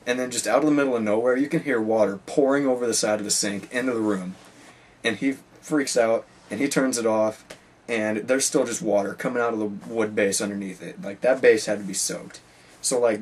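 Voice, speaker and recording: Teen guy, low husky voice, loose rambling storyteller, mic set back from him. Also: distant mic. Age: teens. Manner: rambling, lots of "like" and "you know". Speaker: high school student. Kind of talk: casual storytelling.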